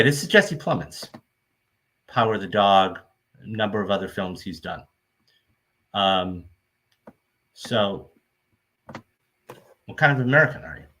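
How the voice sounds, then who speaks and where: A man's voice: lowish voice, sharp tone, slight background noise. A man hosting a film review show, retelling movie scenes in a rambling, casual recap full of "okay?" check-ins.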